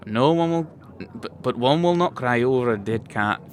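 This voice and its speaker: A gruff, boastful warrior woman chief from a video game, menacing in every line and speaking with a put-on accent, as a man plays her. She talks at an ordinary middle pitch. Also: animated, moderate pace, lightly acted.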